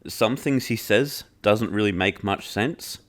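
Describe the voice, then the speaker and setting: A man with a very low voice hosts a podcast and reviews an album in relaxed chat. He jokes around, swears freely and fills his sentences with "like". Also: a little slow. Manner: loose and joking, heavy filler "like", swears freely. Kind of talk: casual chat.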